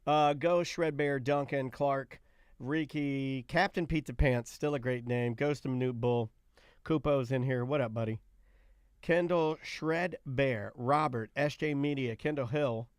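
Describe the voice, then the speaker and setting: A man co-hosting a casual live-stream chat, telling rambling stories in an animated way. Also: mid-range voice, unhurried, clean tone, no echo, studio quality. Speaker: co-host.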